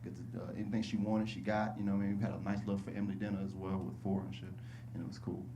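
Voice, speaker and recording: A male stand-up comedian telling stories casually on a club stage, slipping into high-pitched voices when he quotes people. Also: flat delivery, very fast, noisy background. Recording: live club recording with audience laughter.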